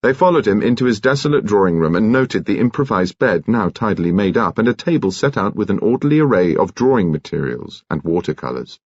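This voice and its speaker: Expressive male audiobook narrator, lowish voice. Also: no room sound, dull audio. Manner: crisp, expressive, measured. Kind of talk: scripted narration.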